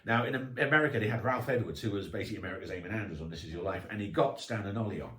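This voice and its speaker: A man's voice: fairly low pitch, rapid-fire, a bit bright. A man, an author guest on a podcast, telling rambling anecdotes in casual chat. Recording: echoey room, distant mic.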